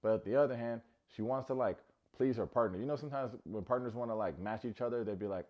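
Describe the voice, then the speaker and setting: A man talks through a reality dating show recap with a loose, joking delivery, now and then slipping into quick impressions of the cast. His voice sits low, and the recording has a slightly dull, muffled tone. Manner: joking, animated, mimics cast members' lines. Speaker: recap reviewer.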